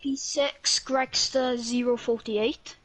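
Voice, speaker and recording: A woman with a Welsh accent who co-hosts a live race stream, reading out grid positions in a calm, matter-of-fact way. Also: fairly high pitch, slow pace. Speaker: co-host reading results. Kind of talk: casual stream chat.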